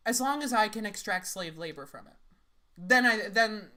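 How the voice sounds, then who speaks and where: A woman's voice: medium pitch, animated, moderate pace, pushed and bright. A young woman making sarcastic, laughing, rambling comments as she reacts to clips.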